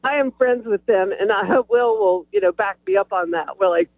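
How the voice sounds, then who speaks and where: A woman's voice: a little high, sing-song, brisk, gravelly, crowd noise. A woman calling in to a radio show, cheerful and chatty, giggling as she tells her story. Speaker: caller. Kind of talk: telling a story on a call-in show. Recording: tinny phone line.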